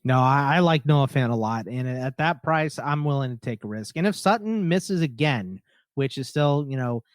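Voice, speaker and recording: Male podcast co-host, easygoing and wry, mid-pitched, dry recording. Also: lively intonation, no echo. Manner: measured, agreeable, wry teasing. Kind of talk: casual fantasy football chat.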